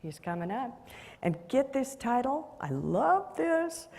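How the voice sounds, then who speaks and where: A woman's voice: mid-range voice, very animated, unhurried, darkish tone. A woman hosting an event, introducing the next speaker with enthusiasm and a playful touch. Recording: echoey hall with long reverb.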